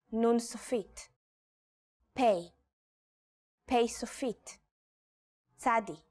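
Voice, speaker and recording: A woman reading a scripted language lesson, pronouncing example words slowly and carefully. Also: fairly high pitch. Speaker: Hebrew teacher.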